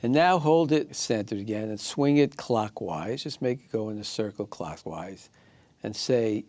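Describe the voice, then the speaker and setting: Man, low-pitched, calm instructor, step-by-step guidance, dry close sound. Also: a little slow, dry recording. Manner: calm step-by-step guidance, often checking in with "okay?" and "right?". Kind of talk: recorded class instruction.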